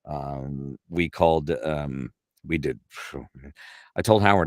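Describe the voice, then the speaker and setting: A middle-aged voice actor in a casual interview, rambling through stories and laughing often, heard over a video call. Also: male voice, extremely low pitch, moderate pace, no room sound, studio quality. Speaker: voice actor guest.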